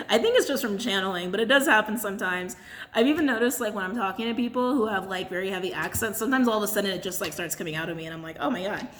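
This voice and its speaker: A woman's voice: mid-range voice, fast talker, fairly bright tone. Chatty, blunt woman giving a reading. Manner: chatty, laughs often, blunt and swearing. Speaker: tarot and crystal reader. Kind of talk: casual channeled reading to camera.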